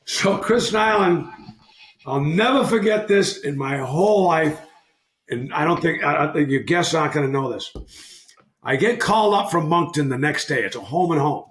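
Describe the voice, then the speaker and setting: A man's voice: a little high, moderate pace. Rambling older man telling a story, roomy. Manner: rambling, self-correcting, animated storyteller. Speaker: podcast guest, former hockey player. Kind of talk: casual storytelling. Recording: roomy echo.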